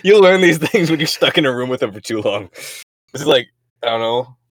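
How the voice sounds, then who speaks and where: A man's voice: medium pitch, animated, a little fast, no room sound. A young man co-hosting a podcast, teasing the others and laughing at his own jokes in casual chat. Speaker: podcast co-host.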